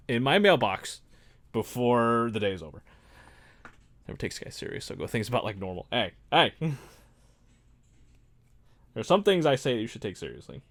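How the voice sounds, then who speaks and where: A man chatting casually to his viewers while he builds a model kit. His pitch swings up and down a lot. He rambles, mocks himself and often breaks into laughter. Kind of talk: casual livestream chat.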